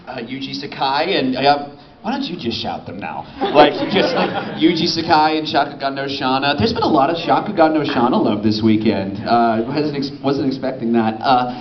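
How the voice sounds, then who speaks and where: A man who is a voice actor, chatting and laughing playfully with the audience at a convention panel. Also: mid-range voice. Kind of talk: casual convention panel talk. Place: large convention panel hall. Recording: echoey hall, muffled, loud crowd.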